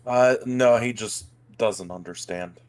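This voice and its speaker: Brief: low-voiced male player, hesitant. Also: takes it slowly. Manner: hesitant, with fillers. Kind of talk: casual tabletop game play.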